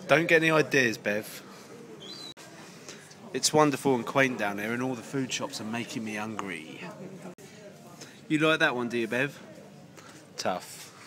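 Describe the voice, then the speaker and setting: A man's voice: medium pitch, normal speed, long pauses, crowd noise. A young man casually vlogging a day out, chatty and teasing, filmed on a handheld camera in windy seaside streets. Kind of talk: casual vlog narration. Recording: windy outdoor noise, traffic.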